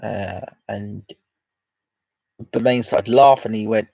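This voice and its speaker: A man's voice: lowish voice, fairly even intonation, takes it slowly, vocal fry, a little mellow, no echo. A man hosting, casually retelling a conversation in a rambling way, stacking "he said, I said" as he goes. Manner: rambling storyteller, repeating "he said, I said". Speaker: host. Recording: dull lo-fi dry recording.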